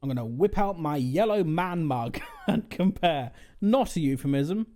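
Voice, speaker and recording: A man's voice: fairly high pitch, expressive, measured pace, dark tone. Rambling male streamer thinking aloud. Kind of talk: casual game commentary.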